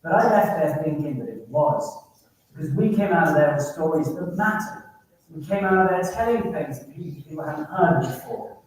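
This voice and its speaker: A man tells vivid stories to a summit audience, his voice a touch high for a man. He laughs his way through the anecdotes. The sound carries through a very echoey hall from a mic set well back. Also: expressive, moderate pace, recorded from a distance. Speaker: keynote speaker, war correspondent. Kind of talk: storytelling talk to an audience. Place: conference room at a business summit.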